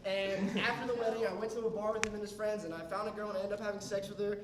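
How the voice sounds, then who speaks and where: Performing stand-up at a comedy club, a young man tears through a story very fast in a high voice, animatedly impersonating the people he quotes. Heard from a distance in a roomy space, the recording is noisy, with the audience laughing.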